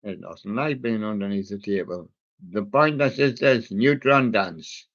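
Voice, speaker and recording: A man's voice: on the low side, a little slow, a bit bright. A man hosting a live music stream, joking and punning on song titles as he goes. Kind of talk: playful music chat. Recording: dull lo-fi sound.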